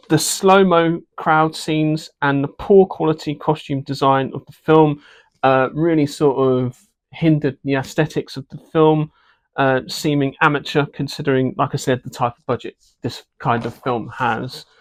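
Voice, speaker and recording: A man's voice: a little high, fairly even intonation, unhurried. A man with a slightly raised voice talks through a film review off the cuff. He hesitates often and fills gaps with ums and uhs. His opinions come out blunt and candid. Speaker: movie reviewer. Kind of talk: casual unscripted review.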